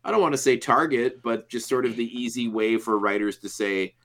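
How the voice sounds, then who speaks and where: A man's voice: medium pitch, fairly quick, fairly bright tone. A man co-hosting a podcast in casual chat, jokey and laughing often as he riffs on bits. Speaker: podcast co-host.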